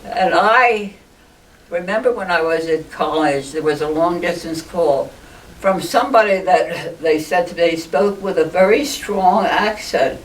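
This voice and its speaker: A woman's voice: fairly low pitch, a little slow. An older woman telling stories in a group interview, chatty and laughing often. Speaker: interviewee, ballooning pioneer. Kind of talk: casual storytelling interview. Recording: distant mic with faint noise.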